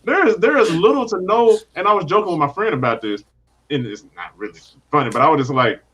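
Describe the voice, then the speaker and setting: A man's voice: on the high side, lively intonation, fast, a bit bright, husky. A man in a casual podcast conversation, animatedly acting out characters in quoted asides. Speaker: podcast guest.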